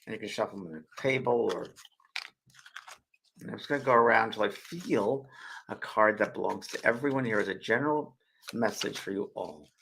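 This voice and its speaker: A man's voice: fairly low pitch, moderate pace, vocal fry, a bit bright, a little hiss or hum, rough recording. A middle-aged man hosting a spiritual live show, chatty and prone to getting emotional and tearful as he talks to viewers at a desk mic. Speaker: spiritual medium and show host. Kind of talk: casual live-stream talk.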